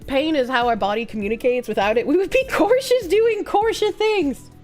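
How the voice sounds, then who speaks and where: Brief: high-voiced Boston woman streamer, casual and foul-mouthed, faint music underneath. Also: normal speed. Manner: profane, giggly, animated. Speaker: livestreamer. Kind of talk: casual chat reading donations.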